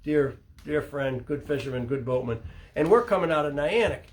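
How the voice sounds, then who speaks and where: A man's voice: a little high, normal speed. An older man, a fishing captain telling sea stories in casual talk, acting out the voices of the people in them and laughing as he goes. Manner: animated storyteller, acts out quotes, laughs mid-story. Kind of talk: casual storytelling.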